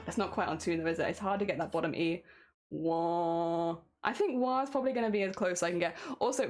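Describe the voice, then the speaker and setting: A woman streaming as she records and edits a song cover, chatting casually, laughing at herself and talking through each step. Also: medium pitch. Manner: giggly and self-deprecating, narrating each editing step. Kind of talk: casual livestream chat while editing audio.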